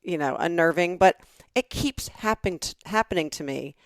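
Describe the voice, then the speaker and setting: A middle-aged woman from the southern United States co-hosting a podcast, telling stories in a lively chatty way and acting out the voices she quotes. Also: on the low side, moderate pace, no room sound. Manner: animated storyteller, acts out quoted voices. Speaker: podcast co-host. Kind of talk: casual chat.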